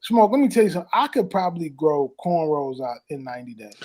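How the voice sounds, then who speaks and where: Brief: fairly high-voiced man host, folksy, laughs easily, blunt advice. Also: sing-song, quick pace, dark tone. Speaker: host and coach. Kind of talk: casual show banter.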